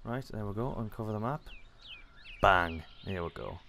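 A man's voice: on the low side, animated, moderate pace, vocal fry, pushed and bright, slight background noise. A man giving casual gameplay commentary, chatty and self-mocking, often muttering to himself as he plays. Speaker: let's play commentator.

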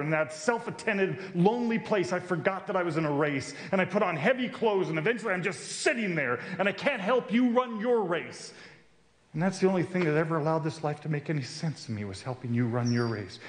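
Brief: male preacher, higher voice, earnest storyteller, echoey room. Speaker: speaker at a men's retreat. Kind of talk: sermon. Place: retreat camp meeting room. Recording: roomy echo.

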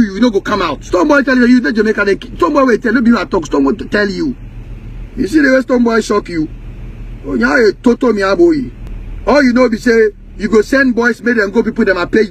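Man, Ghanaian Pidgin English accent, very high-pitched, angry profane rant, repeats his accusations. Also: a little hiss or hum, rough recording. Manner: heated, profane, repetitive accusations.

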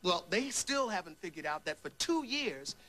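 A man's voice: high voice, big pitch swings, bright, forceful tone, heavily acted. An actor playing a brash, self-important male Secret Service agent who talks in blustery bursts. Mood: boastful. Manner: boastful, fast bursts of bluster.

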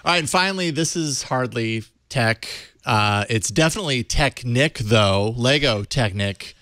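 A young man co-hosting a tech news show, chatting casually with easy jokes and quick laughs in a studio. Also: mid-range voice, animated, pushed and bright, dry recording. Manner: easygoing, joking, quick laughs. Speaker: co-host. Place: studio with live audience.

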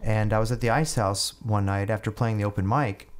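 A man's voice: on the low side, fairly even intonation, brisk. A middle-aged man, a guest musician, telling stories casually and often repeating and restarting words. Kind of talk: casual storytelling.

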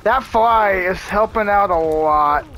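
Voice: mid-range voice, slow pace, a bit bright. A gameplay commentator talking through a hard run in casual let's-play style, nervous and muttering reactions with frequent swearing.

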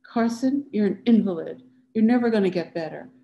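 A woman's voice: medium pitch, fairly quick, vocal fry, mellow, dull audio, a little hiss or hum, natural voice. A woman reading the lines of a despairing, drunk young husband who speaks weakly and pleads. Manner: weak, whimpering, pleading.

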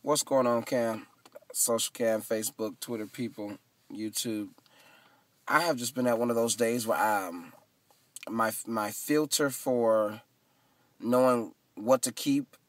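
A man casually vlogging into his phone, retelling his day with lively, dramatic asides. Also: mid-range voice, no room sound, far from the mic. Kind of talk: casual storytelling vlog. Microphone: phone camera.

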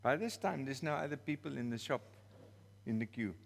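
A man's voice: mid-range voice, lively intonation, brisk, gravelly, long reverb tail. A man with a South African accent preaching a storytelling sermon in a church, playful and laughing at his own story.

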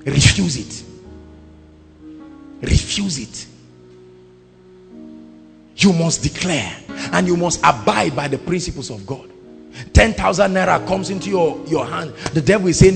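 Nigerian man, sermon preaching, high lively voice, gravelly edge, long hall reverb, faint music behind. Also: a little slow, long pauses. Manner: impassioned, swings from shouting to low quiet asides. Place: large church hall.

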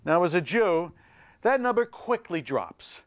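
Man, middle-aged comedy host, exasperated, self-mocking, high voice, lively swings in pitch. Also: unhurried. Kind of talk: stand-up comedy monologue.

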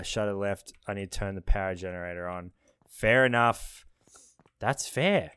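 A man playing a horror game, talking himself through it, reading notes aloud, swearing and yelling at jump scares. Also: fairly low pitch, no room sound. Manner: jumpy, swearing, screams at scares. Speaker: gaming streamer. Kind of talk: horror game let's play commentary. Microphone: desk microphone.

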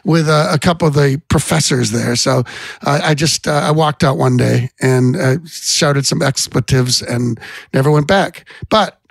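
A man's voice: mid-range voice, measured pace, vocal fry, no room sound. A middle-aged man and songwriter telling rambling stories as a guest on a casual podcast. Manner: rambling anecdotes with restarts. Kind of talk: casual storytelling chat.

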